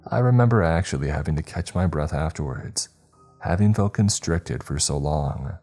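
A man reads a horror story aloud in a measured, tense way. His voice is extremely low and dark, with a mellow weight to it. Soft music sits beneath the narration. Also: animated.

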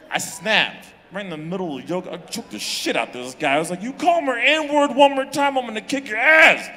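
A young man doing a crude stand-up set in a comedy club, animated and laughing at his own jokes. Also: sits high, a little fast, few pauses, a little hiss or hum. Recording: reverberant club from the room.

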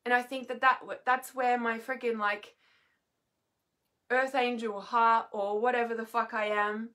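A tired woman venting at home from her bed, with a slightly high voice. Her talk is raw and restless, full of swearing, trailing off and restarting. She sounds emotionally worn. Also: flat delivery, unhurried, pushed and bright. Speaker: healer and mentor vlogger. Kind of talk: emotional unscripted monologue.

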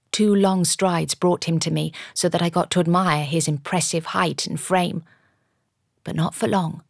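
A woman narrating an audiobook in the first person, measured and storytelling, recorded on a studio microphone. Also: lowish voice, gravelly, dry recording. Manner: measured storytelling with lively character dialogue.

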